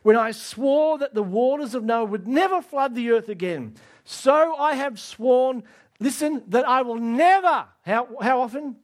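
A man with an extremely high, expressive voice preaches a sermon at an unhurried pace. He is emphatic, puts direct questions to the audience, and climbs to near shouts on key lines.

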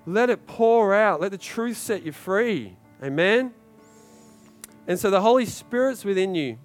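High-voiced preacher exhorting a congregation. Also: male voice, lively intonation, measured pace, soft background music. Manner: urgent, repetitive exhortation with rising shouted climaxes. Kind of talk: sermon.

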